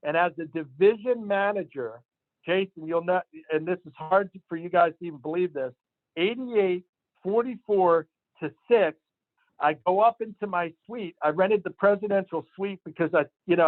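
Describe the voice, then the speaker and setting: Fired-up sales manager on a tinny line. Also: male voice, sits high, normal speed, no room sound. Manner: emphatic, animated storyteller. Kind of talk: motivational storytelling talk. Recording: tinny phone-line sound, dry.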